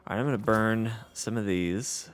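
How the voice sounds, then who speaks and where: A man's voice: fairly low pitch, moderate pace. A man with a Southern US accent hosting a casual gameplay livestream, reading chat aloud in an easygoing, self-deprecating way. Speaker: livestream host.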